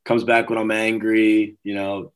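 Deep-voiced young man with New York accent. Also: level tone, a little slow, smooth. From Brooklyn, New York, US. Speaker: guest. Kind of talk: casual chat.

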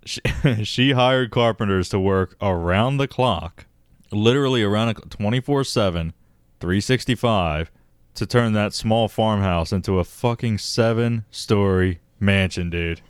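A man's voice: fairly low pitch, unhurried, smooth, dry recording, studio quality. A man co-hosting a podcast, telling a story in casual chat, swearing and laughing often. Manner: profane, laughs often, says dude. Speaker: podcast co-host.

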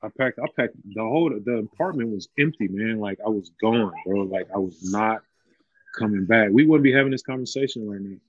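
A man with a low, grounded voice tells his story in an open, heartfelt way, padding his sentences with "you know." The recording is dry and close, a little dull and muffled. It sounds like a casual interview chat. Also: a little fast, no echo. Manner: heartfelt, loose, many "you know" fillers. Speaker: former college basketball player, guest.

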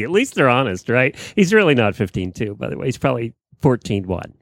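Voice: medium pitch, very animated, brisk, dry recording. A podcast co-host in casual chat, teasing and laughing through the banter.

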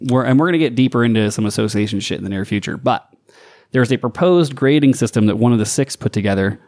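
A man hosting a loose, casual podcast, rattling along at a quick clip with jokes and casual swearing. His voice sits mid-range, and he often reads listener mail aloud between banter. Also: mid-range voice, lively intonation, darkish tone, no room sound, studio quality. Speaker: podcast co-host.

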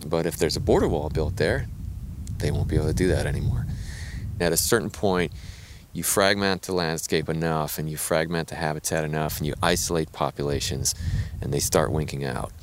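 A wildlife conservationist with a very deep voice talks a little fast as he walks a riverbed outdoors. He explains the wildlife in a casual, enthusiastic way, using fillers, with slight background noise.

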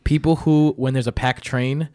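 A man's voice: medium pitch, fairly even intonation, normal speed, mellow. Young ny guy, mid voice, blunt and wry, casual podcast talk. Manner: blunt, wry, laughs easily. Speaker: podcast guest. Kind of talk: casual chat.

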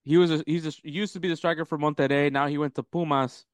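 A man's voice: fairly high pitch, fairly even intonation, fast, no echo. A man co-hosting a podcast, rambling casually about soccer, swearing freely and laughing often. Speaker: podcast co-host.

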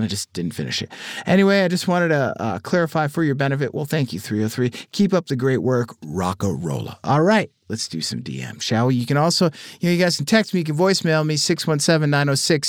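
A man's voice: medium pitch, no echo. A man hosting a podcast, casually reading listener texts aloud with dry, swearing asides. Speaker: podcast host. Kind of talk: casual listener-mail segment.

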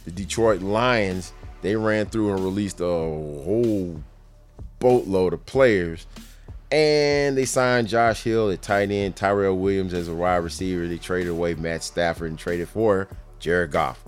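A man's voice: low voice, a little slow, faint music behind. A man giving casual sports commentary, running through news in an offhand way with jokey asides.

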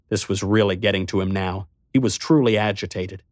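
Low-voiced male audiobook narrator. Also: fairly even intonation, fairly quick, hardly any pauses, dry recording, studio quality. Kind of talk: first-person scripted narration.

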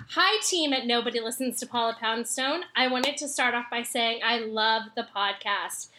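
A woman's voice: a little high, a little slow, sharp tone. A woman on a comedy podcast, reading listener emails aloud carefully and giggling now and then.

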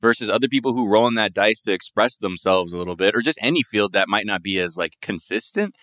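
A man chatting casually on a podcast, relaxed, with frequent swearing and fillers. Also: on the low side, fast, no room sound, clean studio sound. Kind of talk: casual chat.

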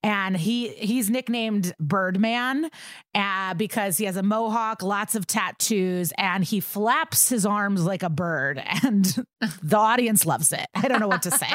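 A woman's voice: mid-range voice, no echo, clean studio sound. A woman co-hosting a podcast, retelling a true-crime case in a casual, profane way with laughs, acting out the people she quotes. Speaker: podcast co-host.

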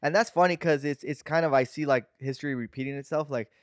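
A man's voice: fairly high pitch, fast, dry recording. Slangy young man, dry close sound. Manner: loose slangy banter, drops into playful voices when quoting. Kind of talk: casual chat.

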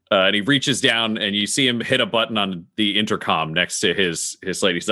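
Low-voiced, bright male game master. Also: a little fast, hardly any pauses, no echo, studio quality. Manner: relaxed, chatty narration with fillers. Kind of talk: narrating a tabletop game.

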